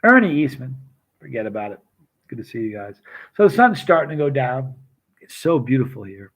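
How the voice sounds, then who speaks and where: Middle-aged guy rambling thru stories, keeps restarting sentences, shouts out viewers by name. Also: mid-range voice, very animated, brisk, rough recording. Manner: rambling, self-interrupting, addresses viewers by name. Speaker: vlogger chatting with live chat. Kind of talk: casual rambling storytelling.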